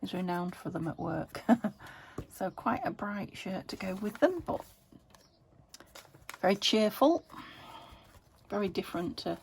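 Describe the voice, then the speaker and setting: A woman's voice: mid-range voice, sing-song, a little slow, gravelly, pauses often, a little hiss or hum. A British woman chatting casually in a crafting vlog, rambling and murmuring to herself as she works. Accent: British English. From United Kingdom. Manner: rambling, chatty, drifts into murmurs while working. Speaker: junk journal crafter.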